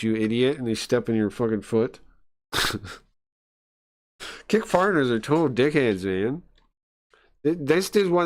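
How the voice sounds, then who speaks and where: A man streamer ranting live, heated and profane, with stumbling restarts and scoffing laughs. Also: mid-range voice. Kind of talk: profane livestream rant.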